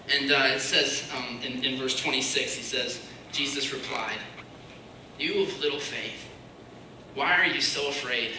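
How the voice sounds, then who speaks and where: A man giving a casual, searching sermon, dropping to a hushed voice when he voices other people's prayers. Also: fairly high pitch, moderate pace. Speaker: preacher. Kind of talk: conversational sermon. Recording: echoey room, mic far off, faint hiss.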